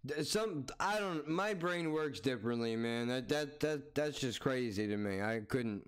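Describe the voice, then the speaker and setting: A man's voice: mid-range voice, lively intonation, unhurried, smooth. A man reacting to a video with exasperated, mocking, profane commentary, often repeating himself.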